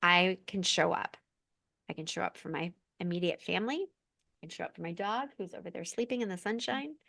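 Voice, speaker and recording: A woman guest on a podcast, talking in a heartfelt, animated way and laughing now and then. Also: on the low side, fairly quick, gravelly, no echo, studio quality. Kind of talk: emotional casual chat.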